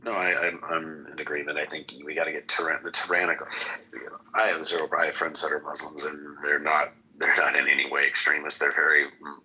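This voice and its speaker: Deep-voiced man hosting political talk. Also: flat delivery, fairly quick, bright, forceful tone, husky, low-quality recording. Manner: blunt, fires off rhetorical questions. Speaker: host. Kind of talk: political talk show chat.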